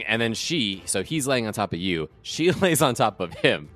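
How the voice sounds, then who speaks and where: A man's voice: lowish voice, big pitch swings, moderate pace, a bit bright, faint music behind. A man narrating as game master of a tabletop game, casual and loose with many fillers. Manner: casual, full of "like" fillers, laughs often.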